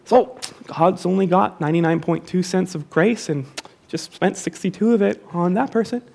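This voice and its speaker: A man's voice: high-pitched, moderate pace, vocal fry, a little mellow, slight background noise. A pastor preaching a sermon to his congregation, repeating key phrases for emphasis and calling the listeners to say them back with him.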